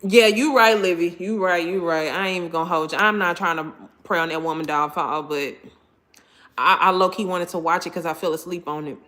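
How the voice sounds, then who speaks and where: An animated, expressive woman, chatting casually with her viewers during a live stream. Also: fairly low pitch, brisk.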